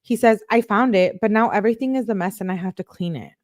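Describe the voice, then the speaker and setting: A woman reading text messages aloud as a true crime YouTuber, quickly, with sarcastic asides. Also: medium pitch, darkish tone, no echo, clean studio sound. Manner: quick, sarcastic asides between read-out texts.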